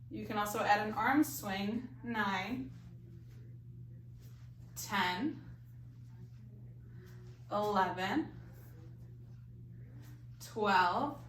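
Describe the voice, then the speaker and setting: Woman, exercise instructor, slow counting, bright voice, echoey room, a bit far from mic. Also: fairly high pitch, slight background noise. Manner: counts reps slowly, coaching cues. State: a little out of breath. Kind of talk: live fitness class instruction.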